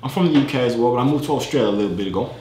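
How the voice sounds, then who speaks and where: A young man chats on a video call in a put-on British accent, his voice bouncing around lively and animated. He keeps it playful and full of mock-casual slang. The room rings with echo, and there is a faint hum behind him. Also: mid-range voice, very fast. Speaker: video chat host.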